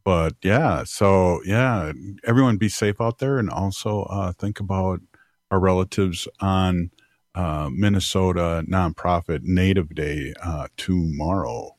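A man with a very low voice co-hosts a community radio show, talking easily and filling gaps with little pauses. The studio sound is close and dry. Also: no room sound. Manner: easygoing, with many fillers. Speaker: radio co-host. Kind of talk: casual radio chat.

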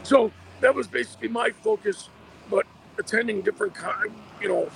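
Hoarse male caller, high and very gravelly, casual phone chat outdoors, light traffic noise. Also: normal speed. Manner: chatty, restarts often. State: hoarse, losing his voice. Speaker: athletic director calling in. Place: outdoors by a busy street.

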